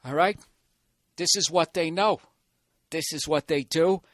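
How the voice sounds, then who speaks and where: A man's voice: fairly high pitch, measured pace, dry recording, studio quality. A man hosting his own podcast from a hotel room, ranting in a sarcastic, profane, rambling way. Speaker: podcast host. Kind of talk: solo comedic podcast rant.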